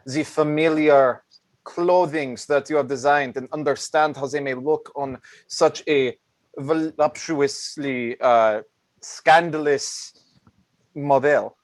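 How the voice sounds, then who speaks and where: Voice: medium pitch, fairly even intonation, takes it slowly, no echo, lightly acted. A pompous showman, as a player puts one on, grandiose and flowery, tossing in a French word. The voice sounds dry and close, in a tabletop role-play. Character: pompous showman presenting a model.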